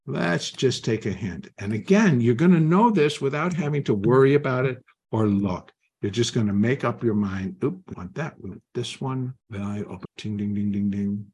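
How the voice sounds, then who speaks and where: Husky older male trading coach. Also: mid-range voice, moderate pace. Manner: animated, acts out inner voices. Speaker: trading educator. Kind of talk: live trading talk.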